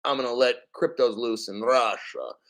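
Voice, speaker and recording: A gruff, boastful mock leader done by a man speaks low and deliberately. The accent is barely there, an offhand impression tossed into a livestream. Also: lightly acted. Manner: low, deliberate, half-hearted accent attempt.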